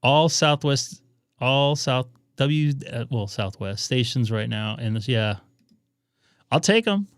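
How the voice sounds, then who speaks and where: Excited rambling ham radio streamer, man. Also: medium pitch, takes it slowly, dry recording. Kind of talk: casual live stream chat. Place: home radio room upstairs.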